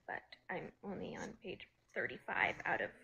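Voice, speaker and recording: A woman chatting casually on a phone livestream, greeting viewers and reading their comments aloud in a breezy way, quick to laugh. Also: low-pitched, big pitch swings, creaky, pushed and bright, highs cut off, slight background noise. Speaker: actress hosting a livestream.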